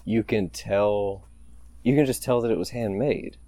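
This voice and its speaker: A man's voice: fairly low pitch, measured pace, mellow, no echo. A man co-hosting a casual podcast, laid-back, swearing freely and sometimes losing his train of thought. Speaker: podcast co-host.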